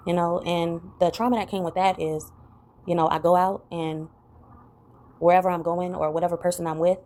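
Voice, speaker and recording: A woman's voice: little pitch movement, normal speed, warm tone. A woman talking reflectively in a personal vlog, rambling and full of "you know" fillers. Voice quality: gravelly low voice. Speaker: vlogger.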